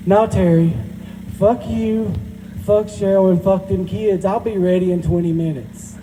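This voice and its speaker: A man's voice: high-pitched, steady tone, a little slow, long reverb tail, background noise. Man doing a furious sarcastic Southern wife. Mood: accusing. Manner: sarcastic, accusing. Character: angry Southern wife confronting her cheating husband.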